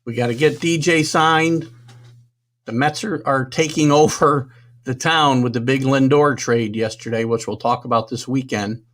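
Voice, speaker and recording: A man's voice: mid-range voice, fairly even intonation, moderate pace, fairly bright tone. A man hosting a live sports talk stream, flustered and apologetic, muttering to himself while fighting technical trouble. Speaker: sports talk show host.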